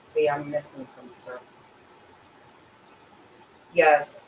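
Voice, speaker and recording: A woman's voice: sits low, flat delivery, extremely slow, echoey room. A middle-aged woman hosting a casual livestream and reading viewers' comments, emotional and sympathetic, rambling with restarts. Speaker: livestream host reading chat. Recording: voice a bit distant from mic with faint ambient noise.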